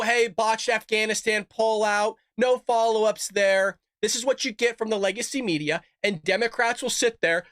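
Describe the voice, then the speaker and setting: A man hosting a live political reaction show, ranting heatedly and swearing as he shouts his frustration. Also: high-pitched, no room sound, studio quality. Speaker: political commentary host.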